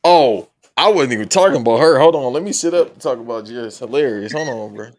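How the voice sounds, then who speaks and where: A man's voice: mid-range voice, expressive, brisk, a little mellow. A grown man chatting casually as a podcast co-host, joking and crude as he tells stories. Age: adult. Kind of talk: casual chat.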